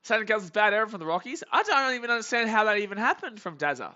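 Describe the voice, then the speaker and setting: A man hosting a live game reaction stream, chatty and prone to excited shouts. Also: high-pitched, a little fast, highs cut off. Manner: chatty, reads chat, bursts into excited shouts.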